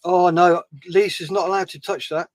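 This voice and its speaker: A man's voice: high voice, level tone, moderate pace, no echo, low-quality recording. A man joining a casual chat with brief remarks and agreement.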